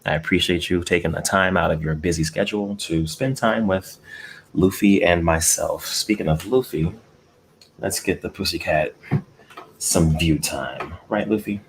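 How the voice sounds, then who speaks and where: A man's voice: low voice, moderate pace, slight background noise. A man hosting a casual eating live stream from home, laid-back, greeting chat viewers and chuckling often. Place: room at home with air conditioning. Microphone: desk mic close up.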